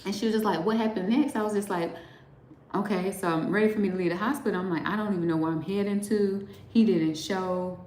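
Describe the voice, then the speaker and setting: A woman's voice: mid-range voice, a little fast, echoey room, low-quality recording. A woman hosting a live show, telling a long personal story casually, saying "like" often and acting out both sides of the dialogue. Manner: animated storyteller, heavy use of "like", acting out quoted dialogue. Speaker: host.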